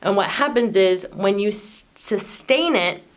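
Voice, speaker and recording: A woman with a voice of ordinary middle pitch speaks to her own channel's viewers. She explains a spiritual idea in an earnest, casual way. She often wanders off and picks her thread back up, with many fillers and restarts. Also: expressive, measured pace. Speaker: channel host.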